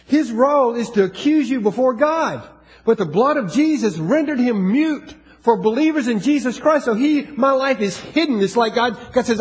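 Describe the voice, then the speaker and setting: High-voiced Southern preacher man. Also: lively intonation, normal speed, darkish tone, faint music behind. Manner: folksy, joking asides, rises in emphasis. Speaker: pastor. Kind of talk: sermon.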